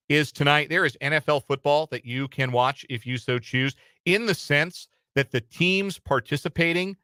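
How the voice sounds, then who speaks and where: Crisp, bright-voiced male sports radio host. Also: medium pitch, no room sound. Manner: casual, chatty, with frequent uh fillers and repeats. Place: radio studio. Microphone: studio microphone.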